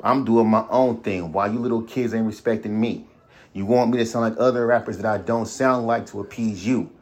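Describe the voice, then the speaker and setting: A man's voice: fairly low pitch, steady tone, a little fast, darkish tone. A man hosting a podcast alone, ranting bluntly with heavy profanity and repeating himself. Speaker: podcast host. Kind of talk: solo ranting monologue.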